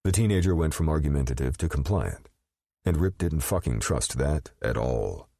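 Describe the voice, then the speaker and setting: A man narrating an audiobook in a measured, expressive storytelling manner. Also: extremely low pitch, creaky, no echo, studio quality.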